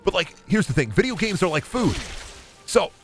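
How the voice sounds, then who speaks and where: Animated young male gaming streamer. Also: high-pitched, normal speed. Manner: goofy, animated, jumps into bits and voices. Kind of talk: casual live-stream commentary.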